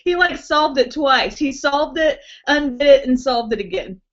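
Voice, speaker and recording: A young beauty vlogger, speaking high, animated, and at normal speed, hosts a casual live stream from her home. Chatty and giggly, she reads viewer comments aloud and reacts brightly to names, with muffled, lo-fi webcam sound.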